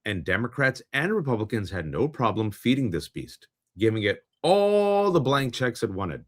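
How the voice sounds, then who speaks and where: A man's voice: medium pitch, sing-song, moderate pace, few pauses, fairly bright tone. A middle-aged man hosting a political podcast, impassioned and sarcastic, acting out mock dialogue to make his points. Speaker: podcast host. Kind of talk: political commentary.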